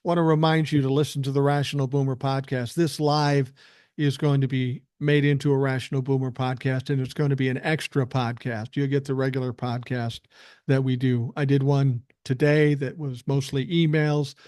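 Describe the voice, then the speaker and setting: A man's voice: medium pitch, little pitch movement, normal speed, darkish tone, no room sound, clean studio sound. An older man hosting a live stream from his living room, ranting bluntly with plenty of profanity. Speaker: podcast host doing a live stream. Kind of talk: casual live-stream rant.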